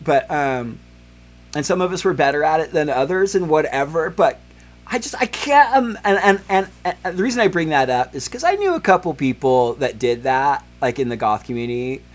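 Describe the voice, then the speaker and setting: A heated, foul-mouthed man hosts a podcast with a somewhat high voice. He rambles through angry commentary, full of swearing and filler words. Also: sing-song, moderate pace. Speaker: podcast host.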